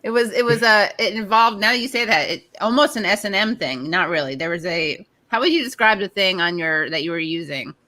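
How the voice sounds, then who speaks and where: A woman's voice: mid-range voice, expressive, brisk, few pauses, pushed and bright. A woman hosting a live online talk show, chatting casually and laughing often. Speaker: host. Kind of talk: casual live-stream chat.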